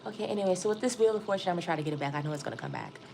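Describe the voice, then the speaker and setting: A woman doing a live tarot reading, chatty and excitable, calling her viewers y'all. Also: lowish voice, racing, vocal fry, background noise. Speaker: tarot reader.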